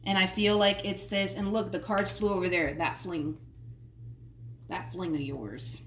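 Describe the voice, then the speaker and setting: Excitable woman reading tarot, roomy sound. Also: fairly low pitch, measured pace. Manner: emphatic, repeats phrases, slangy and excitable. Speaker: tarot reader. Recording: roomy sound from a distant mic, faint noise.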